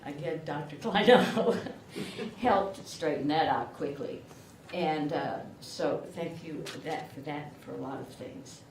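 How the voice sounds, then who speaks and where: Older lady w/ a southern illinois twang, chatty speech, low-ish voice, roomy hall, picked up from far off. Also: slow, few pauses. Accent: rural southern Illinois. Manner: chatty, self-deprecating, laughs often. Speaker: award recipient. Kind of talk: acceptance speech. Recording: echoey room from far off, background noise.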